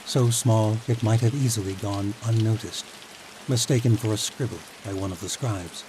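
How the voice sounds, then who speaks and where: A man narrating a fantasy audiobook in a calm, even storytelling manner. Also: on the low side, moderate pace. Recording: steady rain noise behind voice.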